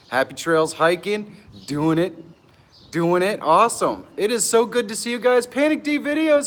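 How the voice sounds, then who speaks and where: An excitable middle-aged man hosting a live stream from an outdoor pavilion, greeting viewers by name and laughing often, a bit nervous. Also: high-pitched, moderate pace. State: nervous and stressed.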